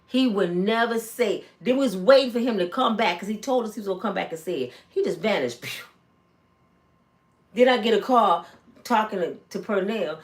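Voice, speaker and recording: A woman, telling celebrity gossip in a casual, animated storytelling way and acting out quoted lines in high voices. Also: moderate pace. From Michigan, USA. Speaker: gossip vlogger.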